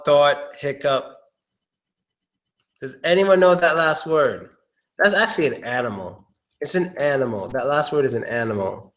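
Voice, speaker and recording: A man giving a casual pronunciation lesson, drilling words slowly and chatting between examples. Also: medium pitch, a bit bright. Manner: slow, drawn-out drilling of words, chatty asides. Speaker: pronunciation teacher.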